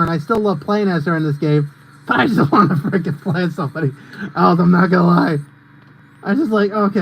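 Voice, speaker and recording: A man's voice: sits high, a little hiss or hum, poor audio. A young man streaming a racing game, rambling and ranting in casual commentary with lots of fillers. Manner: rambling and ranty, heavy on fillers.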